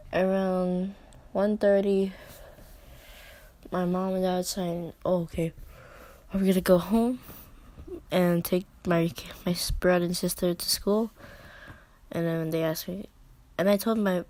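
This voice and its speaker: A teenage girl telling a personal story in a vlog, halting and hesitant, with many fillers and restarts and soft whispered asides. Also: lowish voice. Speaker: vlogger.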